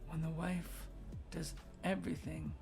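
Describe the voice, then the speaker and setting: A woman's voice: sits low, flat delivery, a little slow, creaky, music in the background. A woman hosting a livestream advice chat, blunt and swearing freely, laughing often and reading out viewer comments. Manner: reads viewer chat aloud.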